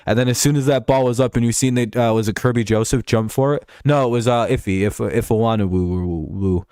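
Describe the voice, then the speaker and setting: A man's voice: mid-range voice, normal speed, darkish tone, smooth, no echo. A young man hosts his live stream in an easy, meandering chat, dropping curses as he reads viewers' messages. His voice sits in a middle range. The sound is dry and close, with no room around it.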